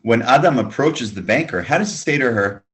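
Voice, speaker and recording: A man teaching a beginners' Hebrew webinar, slowly modelling words for students to listen and repeat. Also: mid-range voice, expressive, a bit bright. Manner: slow, drilled listen-and-repeat prompts. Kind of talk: online language lesson. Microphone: webinar microphone.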